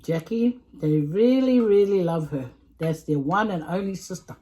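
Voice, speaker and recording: A woman's voice: fairly low pitch, normal speed, warm tone. A woman with a Samoan English accent chatting in a casual storytime vlog while eating, talkative, laughing often and repeating herself. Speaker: vlogger.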